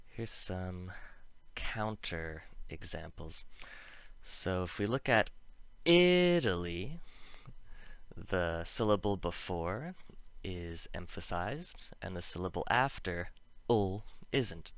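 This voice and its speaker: A man's voice: low voice, takes it slowly, a bit bright, no echo. A man teaching English pronunciation, explaining patiently and stressing each example word with care. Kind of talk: explanatory lesson with slow example words.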